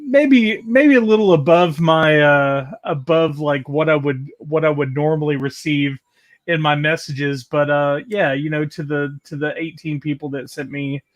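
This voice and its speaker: A man co-hosting an online show in a relaxed, rambling way, often stopping and restarting. His voice sits somewhat high for a man. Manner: laid-back, rambling, halting delivery. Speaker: show co-host. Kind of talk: casual livestream chat.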